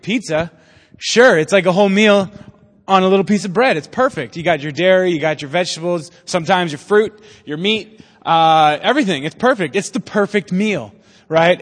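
A young man with a bright, high voice gives a laid-back, joking sermon, tossing questions out to the crowd. His words ring out with a long hall reverb around them. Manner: chatty, jokey, quizzes the audience. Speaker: preacher. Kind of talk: casual joking sermon to a youth group.

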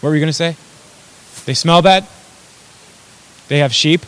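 A man's voice: a little high, normal speed, a bit bright, rough recording. A man preaching a sermon in a conversational, self-deprecating way, with asides to his audience. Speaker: pastor.

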